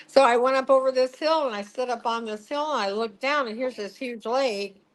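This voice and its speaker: Brief: middle-aged woman, slightly high voice, salty and animated storyteller in an interview. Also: moderate pace, rough recording. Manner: swearing, laughing, acting out quotes. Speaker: psychic medium guest.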